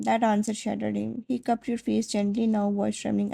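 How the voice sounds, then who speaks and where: A woman narrating a second-person fan fiction story in a soft, dramatic storytelling manner. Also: medium pitch, flat delivery, normal speed, vocal fry, poor audio.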